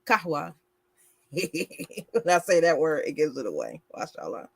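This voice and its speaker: A woman from Brooklyn with a New York accent co-hosting a casual talk show, easygoing and quick to laugh as she reads out viewer comments. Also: low voice, very animated, vocal fry, slightly rough, no echo. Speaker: co-host.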